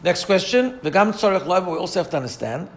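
A man's voice: high voice, expressive, fast. Man teaching a Hebrew text study class. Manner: reads Hebrew text aloud and translates phrase by phrase; asks rhetorical questions and adds filler checks like "right?". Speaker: Torah teacher.

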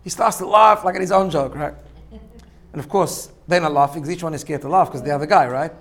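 A man's voice: a little high, fast, creaky, a bit bright. A man giving an informal religious talk, telling stories and often checking in with his listeners. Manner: storytelling, checks in with "right?", laughs at own jokes. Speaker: religious teacher. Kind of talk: informal sermon.

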